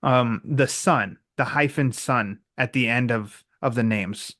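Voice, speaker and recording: A man's voice: mid-range voice, takes it slowly, a bit bright, no room sound, clean studio sound. Easygoing man hosting a podcast. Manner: loose and conversational, many likes and you-knows. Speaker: podcast host. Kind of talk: casual podcast chat.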